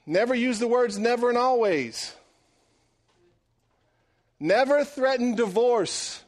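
A middle-aged man preaching a sermon, animated and joking, swinging between loud and hushed delivery. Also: very high voice, slow. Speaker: pastor.

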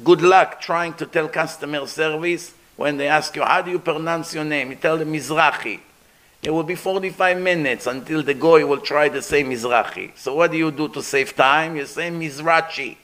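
An aged man giving a religious lecture, animated and conversational, acting out the sounds he describes. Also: a little high, normal speed. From Middle East. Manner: animated, demonstrates throat sounds, conversational asides.

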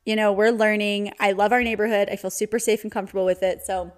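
A woman's voice: medium pitch, level tone, fast talker. Woman, 30s, solo podcast host; casual, candid delivery with frequent laughs, mid-range voice. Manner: chatty, candid, laughs often.

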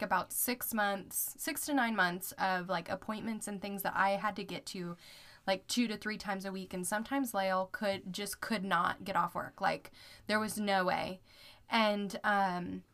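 A woman's voice: medium pitch, a bit bright. A woman co-hosting in a casual chat, talking reassuringly with friendly backchannels. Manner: reassuring, frequent "yeah" backchannels.

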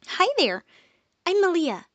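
A bubbly young woman with a high, gushing storybook voice that leaps up in pitch, played by a woman narrator. The sound is close and dry, with no room around it. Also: big pitch swings, slow pace, fairly bright tone, dry recording, full character voice. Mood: sweet.

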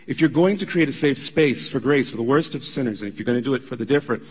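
Husky-voiced man preaching with emphasis. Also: medium pitch, fast talker, long reverb tail. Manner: emphatic, conversational preaching with asides to the congregation. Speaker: pastor. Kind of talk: sermon.

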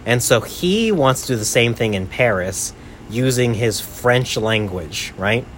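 A man's voice: medium pitch, lively intonation, measured pace, slight background noise. A young man and podcast host telling a travel story in a rambling casual way, full of "like" and "right?".

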